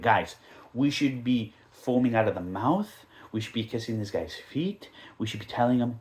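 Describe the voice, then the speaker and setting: A man hosts a casual soccer podcast and rants in an animated, mocking way. He rambles through asides and slips into mimicked quotes, his voice sitting at an ordinary middle pitch. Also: normal speed. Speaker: podcast host.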